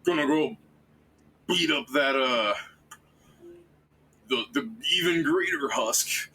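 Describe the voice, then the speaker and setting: A man voicing a drunk male dwarf adventurer who slurs and stammers with excited admiration. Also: medium pitch, slow pace, slight background noise, rough recording. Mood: drunk admiring.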